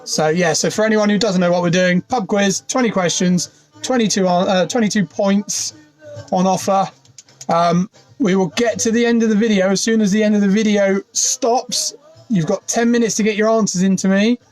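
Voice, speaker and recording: Man, high-pitched, casual livestream host, phone mic in a van, faint music behind. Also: fairly even intonation, moderate pace, a little mellow. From United Kingdom. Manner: chatty, greeting viewers by name. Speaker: quiz host. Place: inside his van.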